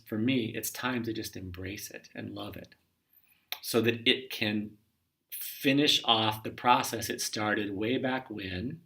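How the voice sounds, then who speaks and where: Male spiritual teacher, gentle and musing, clear bright timbre, recorded from a slight distance. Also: fairly low pitch. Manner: gentle, musing, often trails off softly. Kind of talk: reflective solo talk.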